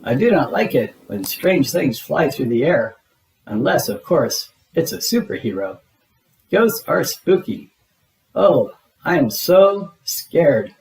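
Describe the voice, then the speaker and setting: A man's voice: a little high, very animated, takes it slowly, creaky, darkish tone, recorded from a distance, full character voice, low-quality recording. A man voicing a small, theatrical male monster in a storybook who speaks formally. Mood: fretful.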